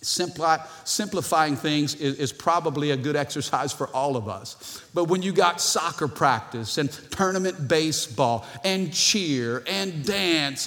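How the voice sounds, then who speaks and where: Man pastor, sermon, somewhat high voice, playful and animated, long church reverb. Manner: animated, playful asides to the congregation. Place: church sanctuary.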